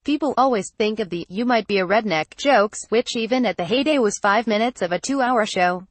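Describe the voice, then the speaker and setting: A woman's voice reading out a news article, photo credits and quoted punctuation included, in a flat read-out manner. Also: medium pitch, brisk, no room sound. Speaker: news reader. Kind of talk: text-to-speech article reading.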